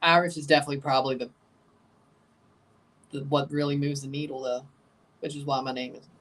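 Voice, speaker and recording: A man's voice: mid-range voice, little pitch movement, a little fast, fairly bright tone, recorded from a distance. A man hosting a live watchalong stream, chatting casually and rambling, often repeating himself and chuckling. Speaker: livestream watchalong host. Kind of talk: casual live reaction chat.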